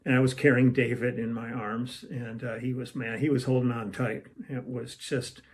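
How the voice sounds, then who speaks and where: A man's voice: mid-range voice, level tone, moderate pace, a little hiss or hum. An older man telling a long story casually at home, meandering and acting out what people said. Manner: rambling, meandering, acts out quoted lines. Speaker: musician telling a tour story. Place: at home, room with a shelf.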